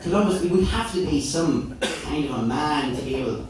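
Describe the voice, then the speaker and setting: Animated stand-up comic. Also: male voice, on the high side, fairly quick. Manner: animated, rambling, laughs at own jokes. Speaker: stand-up comedian. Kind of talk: stand-up comedy set. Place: indoor comedy venue. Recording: echoey room, far camera mic, loud noise.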